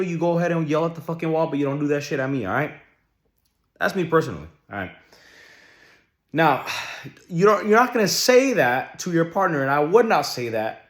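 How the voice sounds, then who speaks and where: A young man talking straight to the camera in a casual vlog, blunt and heavy on profanity. His pitch swings widely as he hammers home his points with questions. The sound carries a roomy echo. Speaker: vlogger. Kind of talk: casual relationship-advice vlog. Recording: echoey room.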